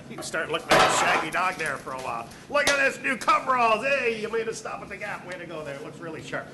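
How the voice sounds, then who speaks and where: A man's voice: sits high, sing-song, a little fast. A man acting in a workplace training skit, teasing coworkers with mocking sarcasm. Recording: loud background noise.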